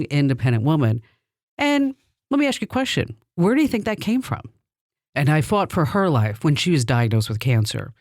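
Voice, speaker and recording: Animated middle-aged woman telling stories. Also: a bass voice, dry recording, studio quality. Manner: animated, chatty storyteller who laughs between lines. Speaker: podcast host. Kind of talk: personal storytelling podcast.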